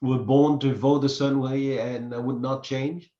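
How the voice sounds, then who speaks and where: A man hosting a casual podcast chat, talking haltingly and often repeating words. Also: medium pitch, little pitch movement, mellow. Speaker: podcast host. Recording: echoey room, dull lo-fi sound.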